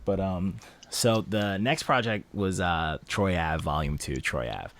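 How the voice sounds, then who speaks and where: A young man co-hosting a casual music review podcast, ranting animatedly and swearing a lot. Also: sits low. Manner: animated, profane, quick rants. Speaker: podcast co-host reviewing albums. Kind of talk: casual chat.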